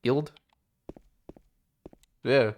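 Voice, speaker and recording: A man streaming a video game live, chatting casually and swearing as he plays, thinking aloud with plenty of fillers. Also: extremely slow. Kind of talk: live gameplay commentary.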